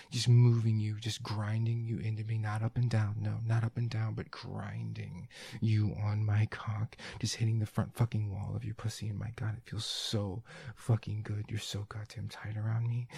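A man in whispered role-play with a deep gravel to his voice and a rough, breathy huskiness. His low, murmured delivery slips in and out of a whisper. The sound is close and dry, with little room around it. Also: mellow, dry recording. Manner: intimate, breathy murmuring with frequent whispers and profanity. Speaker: erotic audio performer. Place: room indoors.

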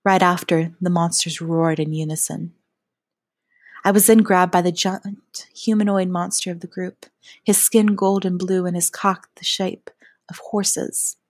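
A woman narrating a first-person adult audio story in a soft, often half-whispered delivery. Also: on the low side, fairly even intonation, unhurried, no echo, studio quality.

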